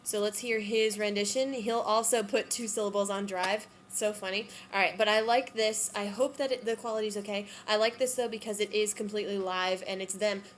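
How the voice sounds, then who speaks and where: A woman's voice: mid-range voice, fairly even intonation, fairly quick, few pauses, a little hiss or hum. Chatty woman musing over recordings. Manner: chatty and musing, with frequent ums and self-corrections; unsure, hedging her opinions. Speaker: vlogger reviewing musical theatre recordings. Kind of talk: casual commentary.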